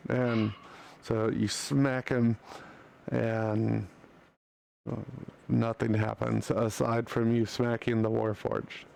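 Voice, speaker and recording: A man's voice: mid-range voice, little pitch movement, slow pace, creaky, darkish tone. A man running a tabletop game as dungeon master, calling for rolls and describing outcomes.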